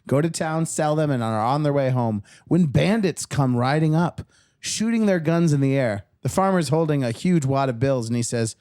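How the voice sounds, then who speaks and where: A man chatting on a comedy podcast and reading out a joke. His voice sits a bit high and swings widely in pitch. He is quiet and self-deprecating and laughs often. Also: animated, normal speed, dry recording, studio quality. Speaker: podcast regular telling a joke. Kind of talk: casual chat and joke telling.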